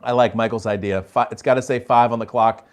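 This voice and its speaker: Man, mid-pitched voice, casual live show host, friendly, chatty, laid-back. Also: fairly even intonation, fairly quick. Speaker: podcast host.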